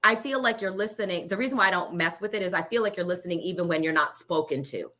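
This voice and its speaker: A woman's voice: on the low side, quick pace, pushed and bright. A woman radio personality, a guest in a casual interview, talking frankly with profanity, laughter and frequent fillers. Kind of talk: candid casual chat.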